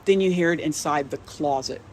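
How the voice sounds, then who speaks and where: A woman's voice: low-pitched, brisk, background noise. A woman telling a first-hand scary story as a podcast guest, rambling, restarting and swearing as she quotes herself.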